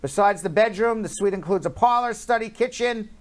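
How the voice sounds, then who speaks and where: A man's voice: high voice, a little fast. Guy hosting a news chat show, jokey and loose, stretches out the numbers. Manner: chatty, jokey, drawls out numbers. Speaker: host.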